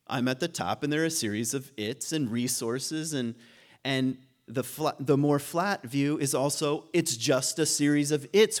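A man giving an informal philosophy lecture to a class, musing aloud, laughing at his own points and often restarting his sentences. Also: mid-range voice.

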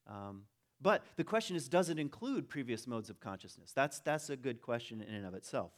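Guy thinking out loud in a talk, lots of ums, dry jokes, average pitch. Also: sing-song, brisk. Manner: musing, casual, with frequent ums and dry humor. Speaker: speaker giving a talk. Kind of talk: reflective spoken talk.

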